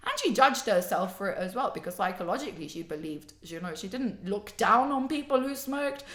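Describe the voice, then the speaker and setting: A woman telling a story in an interview, emphatic and animated, swearing freely. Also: mid-range voice, fairly quick, echoey room. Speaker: interviewed friend. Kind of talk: casual interview.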